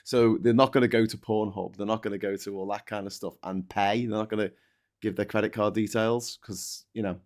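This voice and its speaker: A man's voice: fairly low pitch, fairly even intonation, brisk, a little mellow. Sweary sarcastic man chatting. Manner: sweary, sarcastic, acts out mocking voices. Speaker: podcast host. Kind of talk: casual political chat.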